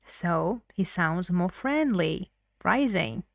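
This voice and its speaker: A woman's voice: medium pitch, takes it slowly, a little mellow. A woman teaching an English intonation lesson, explaining clips and repeating phrases to model how they rise and fall.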